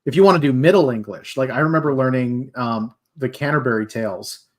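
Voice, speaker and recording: A man's voice: mid-range voice, a little fast. A man hosting a livestream, chatting casually and enthusiastically with nerdy asides. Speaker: stream host.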